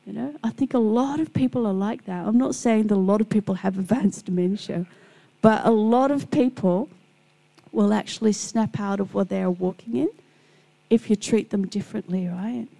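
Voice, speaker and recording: A middle-aged woman gives a devotional talk, her voice gravelly with a mellow, darker tone. She tells personal stories in a warm, gentle way and briefly acts out the people in them. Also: medium pitch, moderate pace, rough recording. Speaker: Christian speaker.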